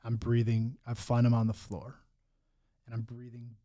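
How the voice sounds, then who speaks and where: A man's voice: medium pitch, monotone, moderate pace, warm tone. A young man telling his own hard story in candid talk, blunt and full of swearing and restarts. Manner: raw, blunt, swears often, many restarts.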